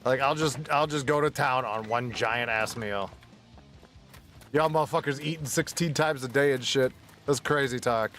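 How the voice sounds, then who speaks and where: A young male streamer talks through a survival game in loose, profane chatter, joking with viewers. His voice sits at an ordinary middle pitch, and soft music plays faintly underneath. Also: moderate pace. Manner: loose, profane, jokey, often laughing. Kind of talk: casual live-stream gaming chat.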